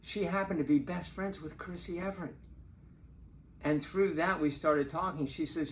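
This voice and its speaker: An older man, a lawyer, telling a true personal story in a chatty, animated way and laughing now and then. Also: a little high, normal speed, slight background noise. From Portsmouth, Virginia. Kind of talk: casual spoken storytelling.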